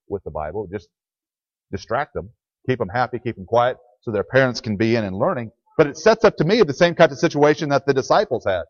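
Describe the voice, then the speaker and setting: A mid-range male voice, recorded dry, belongs to a pastor giving a conversational sermon in church. He talks plainly and answers the questions he raises to the congregation, all captured in a dull, dry lo-fi recording.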